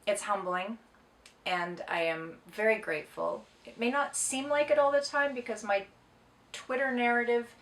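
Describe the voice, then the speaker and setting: A woman's voice: a little high, normal speed, a bit bright. A middle-aged woman from Canada, an actress reading fan questions aloud and answering them in a playful, joking way. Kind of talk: casual self-recorded Q&A, reading questions aloud. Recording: echoey room, far from mic.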